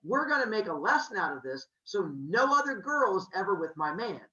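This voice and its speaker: A man's voice: sits high, big pitch swings, a little fast, bright, forceful tone, distant mic, heavily acted. A man voicing a jealous, vengeful queen goddess with a sassy, scolding manner in a comic myth retelling. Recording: roomy, slightly muffled.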